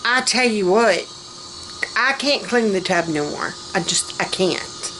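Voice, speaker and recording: Middle-aged Southern woman, home kitchen vlogger, folksy chatter with frequent laughs, medium pitch, faint background noise. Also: a little slow. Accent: Southern American. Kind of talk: casual cooking vlog chat.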